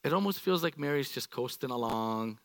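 A middle-aged man preaching a sermon to a congregation, animated and playful, acting out everyday examples. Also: mid-range voice, a little fast, no echo. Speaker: pastor. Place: church sanctuary.

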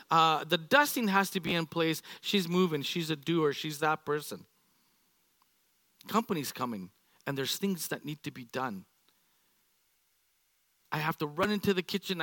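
A middle-aged male pastor with a high, bright voice preaches in a lively, playful way. He acts out little everyday scenes for his congregation. The sound is close and dry. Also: no room sound. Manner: animated, playful, acts out examples. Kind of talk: sermon. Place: church sanctuary.

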